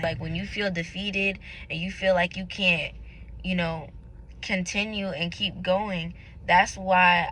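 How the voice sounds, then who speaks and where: A woman's voice: fairly low pitch, sharp tone, slight background noise, low-quality recording. A young woman vlogging about her faith, talking casually and candidly to her viewers in an earnest, searching way. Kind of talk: casual confessional talk to camera.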